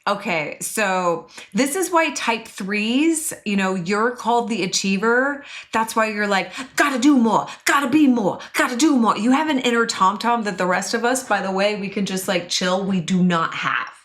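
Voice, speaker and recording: A woman's voice: moderate pace, few pauses. Chatty woman coaching on personality types. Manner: chatty and expressive, acts out quotes in a higher voice. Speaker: Enneagram coach and teacher. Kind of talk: casual teaching talk to an online class.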